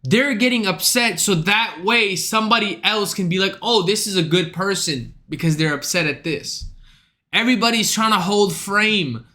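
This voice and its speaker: A high-pitched man with a bright, sharp voice rants to his stream chat. He talks in a loose, profane, exasperated ramble. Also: normal speed. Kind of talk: casual ranting to chat.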